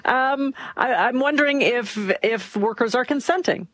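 A woman co-hosting a talk radio debate, speaking in a measured, conversational way. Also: sits high, fairly bright tone, dry recording. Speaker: radio co-host.

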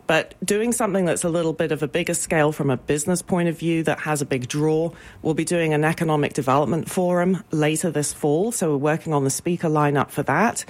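Lowish-voiced woman chatting about local events, upbeat and filler-heavy. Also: a little fast, hardly any pauses, darkish tone. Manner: chatty, many ums, upbeat promotional. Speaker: business improvement association representative. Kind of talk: radio interview guest.

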